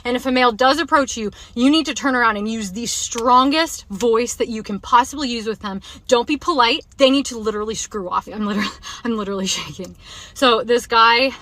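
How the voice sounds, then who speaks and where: A woman's voice: on the high side, brisk, hardly any pauses, bright, forceful tone. A woman ranting emphatically and agitatedly in a casual vlog.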